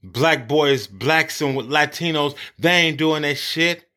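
A man's voice: fairly high pitch, slow pace, sharp tone. A man ranting angrily about politics, profane and blunt. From United States. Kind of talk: angry political rant.

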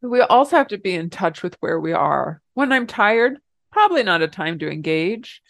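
A middle-aged woman, a podcast co-host, telling a personal story in an emotional, animated way. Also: medium pitch, normal speed, vocal fry, dry recording. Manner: emotional, animated retelling with laughs.

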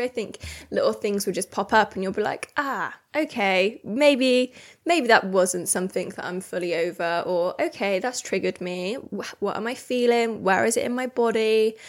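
A young woman talking alone into her podcast mic, open and unguarded. She rambles through a personal story with restarts and acts out her own thoughts as she goes. Her pitch sits in the middle for a woman. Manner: candid, rambling storytelling with self-talk and restarts. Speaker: podcast host. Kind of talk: solo confessional podcast chat.

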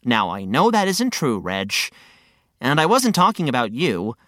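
A patient, friendly guide explains things gently in a lowered voice, played by a woman. The sound is dry and close, in a children's audio story. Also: very animated, measured pace, no room sound, full character voice. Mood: gentle.

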